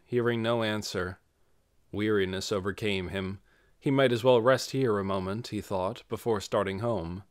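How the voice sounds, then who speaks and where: Man narrating with a lively, expressive delivery. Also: on the low side. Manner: expressive storytelling. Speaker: audiobook narrator. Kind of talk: scripted narration.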